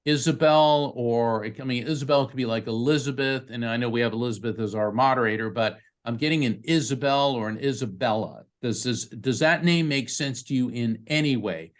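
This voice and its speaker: A man working as a psychic medium, giving a live reading to a participant over a video call in a quick, conversational way, often restarting his sentences. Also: medium pitch. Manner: fast, restarting, conversational delivery.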